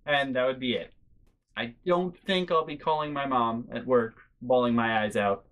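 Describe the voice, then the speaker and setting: A man's voice: medium pitch, moderate pace, fairly bright tone. A man hosting a storytelling vlog, chatty and exasperated as he tells a family story. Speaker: host.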